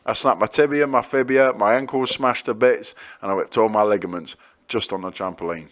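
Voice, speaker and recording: A man co-hosting a podcast, chatting and telling stories in an animated way, laughing and swearing freely. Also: on the low side, a little fast. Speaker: podcast co-host. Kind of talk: casual banter and storytelling.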